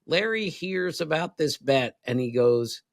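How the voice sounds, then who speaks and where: A man's voice: on the high side, animated, measured pace, dry recording. A man in his sixties, a podcast co-host, telling rambling baseball stories in casual chat and often breaking into laughs. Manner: rambling anecdotes with frequent laughs. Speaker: co-host, former baseball writer.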